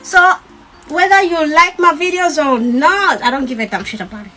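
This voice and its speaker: A woman's voice: extremely high pitch, lively intonation, normal speed, bright, forceful tone, faint music behind. A young woman, speaking defiantly and emphatically to her followers, repeating herself. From Uganda. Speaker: TikTok creator. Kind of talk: defiant talk to camera.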